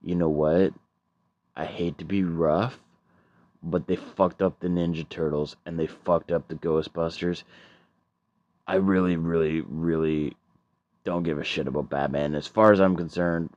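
Male stand-up, deep voice, slow, profane, rambling with stuttered restarts. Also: fairly even intonation, a little mellow, no echo, highs cut off. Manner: rambling, profane, stammering repeats. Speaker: stand-up comedian. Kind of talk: stand-up comedy set.

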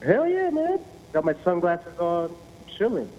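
A man's voice: high-pitched, very animated, a little slow, slight background noise. A man on a phone call from outdoors in a city market, chatting in a laid-back, slangy way. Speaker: friend called on the phone. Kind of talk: casual phone chat. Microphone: phone call played through speaker. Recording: dull lo-fi phone audio in a reverberant room.

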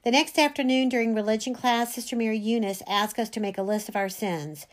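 A woman reading a first-person story aloud, expressive. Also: fairly high pitch, a little fast. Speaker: reader.

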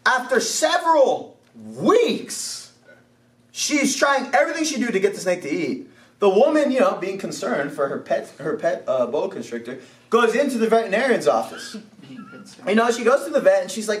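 A man preaching a sermon. He tells a story in a lively way, laughs along, and shouts his calls to action. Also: high-pitched, moderate pace. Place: church hall. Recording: roomy, distant church mic.

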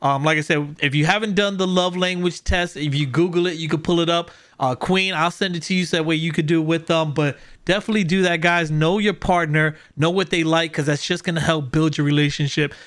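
A man hosting a casual podcast gives advice and signs off the episode, sounding upbeat and encouraging and laughing along. His voice is a little high and a bit bright, with fairly even intonation, and he talks fairly quickly with few pauses.

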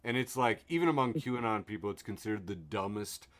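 A man's voice: on the low side, expressive, quick pace. A man co-hosting a podcast, rambling through casual comedic chat with wry asides. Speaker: podcast co-host.

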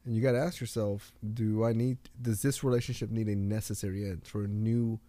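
A man's voice: on the low side, steady tone, brisk, mellow, no echo. A man talking earnestly in a casual conversation, telling stories and giving life lessons in a motivational way. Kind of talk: casual podcast chat.

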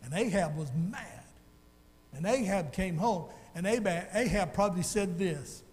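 A male pastor preaching a sermon in a folksy, animated storytelling way, calling out to his congregation. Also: high-pitched, unhurried, big-room sound.

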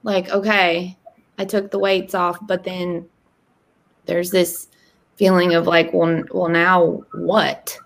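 A woman's voice: slow, gravelly. A woman in her thirties telling a candid personal story in casual conversation, acting out quoted lines. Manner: animated, acts out quoted dialogue with rising pitch. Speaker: podcast guest.

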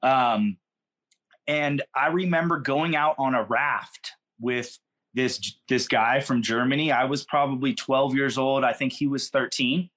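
A man's voice: medium pitch, steady tone, a little slow, a bit bright. Middle-aged california guy, chill and slangy, rambling through a story on a podcast. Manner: laid-back, slangy, rambling with fillers. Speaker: guest. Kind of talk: casual storytelling in a podcast interview.

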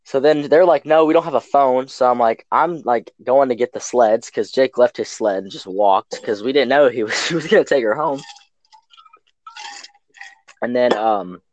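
A young man tells a story in a loose, rambling way, stacking fillers and restarts. His voice sits mid-pitch, and the recording is dry and close. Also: moderate pace, darkish tone, no echo, lo-fi sound. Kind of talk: casual storytelling.

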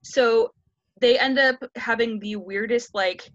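A woman's voice: a little high, a bit bright, dry recording. A woman in her thirties retells an old tale with a casual, cheeky edge, swearing freely and jumping into characters' lines. Her voice is close and dry, with no room sound. The audio is slightly dull and lo-fi. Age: 30s. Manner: irreverent, profane, quick to act out characters' lines. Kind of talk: casual retelling of a classic story.

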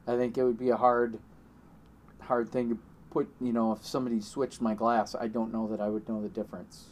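Casual male co-host, mid-pitched and rambling, with a faint hiss behind him. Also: level tone. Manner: rambling, halting restarts, laughs easily. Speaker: podcast co-host. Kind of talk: casual beer-tasting chat.

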